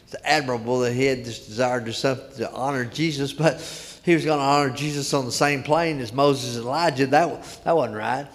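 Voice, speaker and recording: An older man preaching a sermon in a church, telling stories in a folksy way and repeating key words for emphasis. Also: mid-range voice. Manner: folksy storytelling, emphatic repetition. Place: church sanctuary. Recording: long reverb of a church hall.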